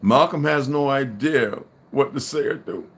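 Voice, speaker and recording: A man's voice: medium pitch, normal speed, fairly bright tone, husky. A man reading a story aloud to listeners and breaking off for casual asides.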